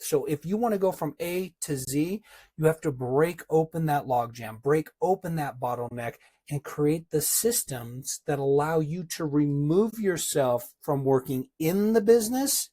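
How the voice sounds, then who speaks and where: Husky, emphatic man coaching. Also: on the high side, darkish tone. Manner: emphatic and punchy, hammering repeated phrases; addresses listeners directly as a team. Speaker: business coach. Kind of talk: motivational talk.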